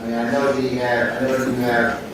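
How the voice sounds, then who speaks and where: A man's voice: medium pitch, flat delivery, brisk. A man speaking formally in a courtroom, addressing someone as sir. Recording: roomy courtroom audio from far off, noisy.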